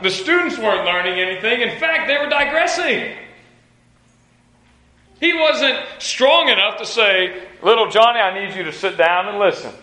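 Emphatic high-voiced male preacher. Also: sharp tone, roomy sound, rough recording. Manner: emphatic, repeats phrases, stammering restarts. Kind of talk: sermon.

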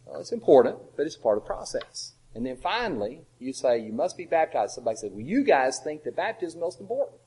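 A man preaching a sermon, asking rhetorical questions and swinging between loud emphasis and quiet asides. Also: a little high, sing-song, quick pace, few pauses, low-quality recording.

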